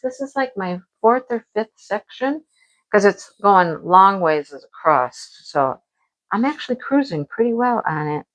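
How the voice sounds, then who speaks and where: A woman chatting casually at home as a crafting vlogger, animated and talkative, acting out her own past remarks. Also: medium pitch, a little slow, poor audio. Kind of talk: casual chat about crafts and home life.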